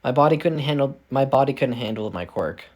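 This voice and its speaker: A man's voice: medium pitch, expressive, brisk, darkish tone, natural voice. A man voicing a hurt, timid teenage girl who speaks hesitantly and apologetically, with stumbling restarts.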